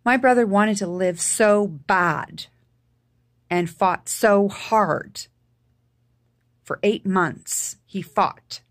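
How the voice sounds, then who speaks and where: A woman from Canada telling a personal family story in a halting, emotional way, full of fillers and restarts, her voice sinking quiet at the hardest parts. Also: medium pitch, no echo, clean studio sound. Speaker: vlogger.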